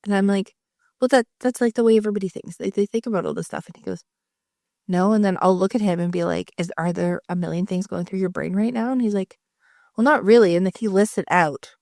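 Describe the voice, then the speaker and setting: A woman in her thirties co-hosts a casual podcast. She talks in a loose, chatty way, swears freely and acts out quoted dialogue. Her voice sits mid-pitch, and the recording is dry and close. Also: steady tone, fast, a little mellow, dry recording. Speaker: podcast co-host. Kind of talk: casual chat.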